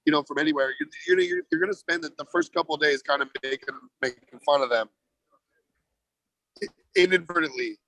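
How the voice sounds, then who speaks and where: A laid-back American man who jokes and swears freely while chatting as a podcast guest. His voice sits a little high for a man. The sound is dry and close. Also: very animated, brisk, long pauses, bright, forceful tone, no echo, low-quality recording. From United States. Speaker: touring band member, podcast guest. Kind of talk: casual chat.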